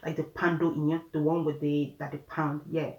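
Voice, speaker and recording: A woman's voice: sits low, little pitch movement, moderate pace, muffled recording. A woman with a Nigerian accent tells a story casually, chatty and often laughing as she talks straight to her viewers. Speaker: vlogger. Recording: roomy room echo.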